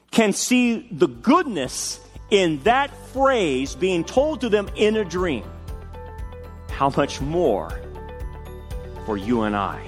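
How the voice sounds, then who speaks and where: A man preaching a sermon as pastor, speaking in an animated, emphatic way that builds in excitement. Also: fairly high pitch, slightly rough. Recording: long reverb of a church hall.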